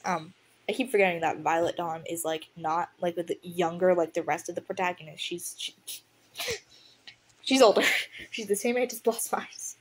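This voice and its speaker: A young woman casually reading a story aloud, giggling and reacting excitably to the plot as she goes. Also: fairly low pitch, normal speed, slight background noise. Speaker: audiobook reader.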